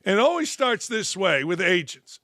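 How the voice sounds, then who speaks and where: A man's voice: sits high, sing-song, moderate pace, sharp tone, dry recording, studio quality. A man, hosting a sports talk show in a blunt, sarcastic, heated monologue. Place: studio.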